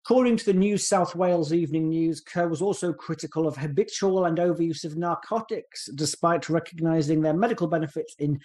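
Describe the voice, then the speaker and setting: With a voice on the high side and a little mellow, this man co-hosts a comedic podcast in a relaxed, chatty way. Reading from notes, he cracks jokes, leans sarcastic, and drops into brief goofy voices.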